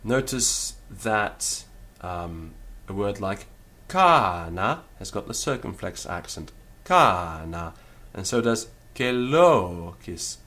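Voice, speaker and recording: Slow, low-voiced male Latin teacher. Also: fairly bright tone. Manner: slow, deliberate, carefully sounding out syllables. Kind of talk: spoken lecture.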